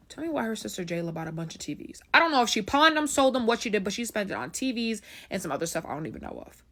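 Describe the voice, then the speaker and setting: A woman's voice: medium pitch, very animated, fast talker, few pauses, pushed and bright. Brief: young woman, casual storyteller, chatty, keeps checking in with the listener. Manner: chatty, keeps asking "right?".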